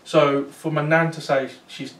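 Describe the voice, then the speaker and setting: A slightly high, somewhat bright male voice keeps a level tone and a measured pace. He investigates the paranormal and is telling a small audience a chatty tale with frequent fillers and restarts. The mic is distant, so the sound is roomy.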